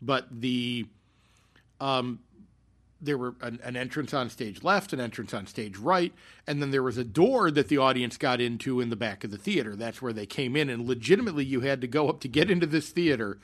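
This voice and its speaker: A man's voice: mid-range voice, fairly quick, fairly bright tone. Guy on a podcast rambling through a theater story, lots of ums and restarts. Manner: rambling, many fillers and restarts. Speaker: podcast co-host. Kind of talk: casual storytelling chat.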